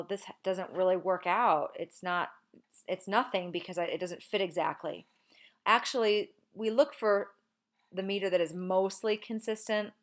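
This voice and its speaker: A woman teacher giving a relaxed, informal lesson on poetry, sometimes slowing down to read verse aloud with marked stress. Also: on the low side. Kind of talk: recorded lecture on poetry.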